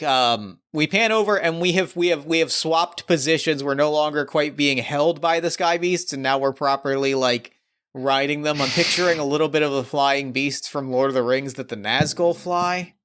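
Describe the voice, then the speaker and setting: A man's voice: a little high, normal speed, fairly bright tone, clean tone. A man improvising a tabletop role-play story in casual chat, thinking aloud as he proposes scenes.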